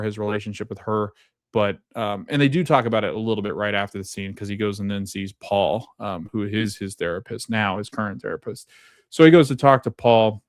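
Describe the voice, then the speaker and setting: A man's voice: lowish voice, clear, resonant tone, no echo, studio quality. Chatty man recapping a TV episode. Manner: chatty, quotes characters, many restarts and fillers. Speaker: podcast host.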